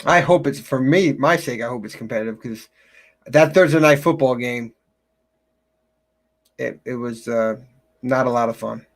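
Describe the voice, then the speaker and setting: A middle-aged man co-hosting a casual sports podcast, telling stories in a halting way with many restarts. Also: medium pitch. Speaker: podcast co-host.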